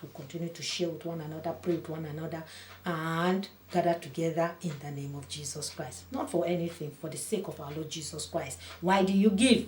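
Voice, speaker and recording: A woman pastor preaches with earnest conviction, now quiet and measured, now swelling into loud, emphatic bursts. Her voice rings in a roomy, echoing space. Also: low voice. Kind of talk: sermon. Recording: echoey room.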